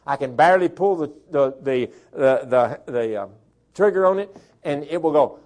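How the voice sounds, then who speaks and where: A man preaching a sermon as pastor, dropping to quiet talk and rising to shouted preaching. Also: on the high side, expressive, normal speed. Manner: swings from soft talk to shouted preaching, imitates a chainsaw.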